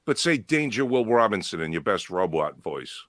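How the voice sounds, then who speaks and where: A middle-aged podcast host leads a casual, bar-style chat, rambling, laughing, and often restarting his sentences. His fairly low voice is sing-song and fairly bright at a moderate pace, recorded in studio quality with no room sound.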